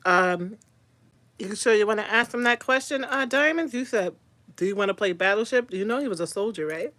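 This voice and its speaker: A woman chats on a live stream, laughing and teasing her commenters. Her voice sits a little high and swings widely in pitch. The sound is close and dry. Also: expressive, moderate pace, a bit bright, no room sound. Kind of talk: casual live chat reading comments.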